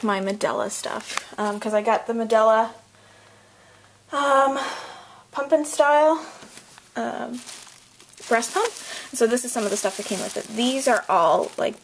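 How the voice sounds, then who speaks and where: A woman's voice: a little high, background noise. A young woman giving a casual vlog tour of a home nursery, out of breath and chatty, full of ums and likes, trailing off as she moves around. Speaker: vlogger.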